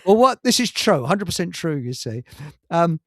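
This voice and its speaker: This radio show host has a fairly high, sing-song voice with a fairly bright tone and a moderate pace, captured in a dry recording. He rambles through anecdotes in a casual talk-show chat, laughing often and restarting his sentences.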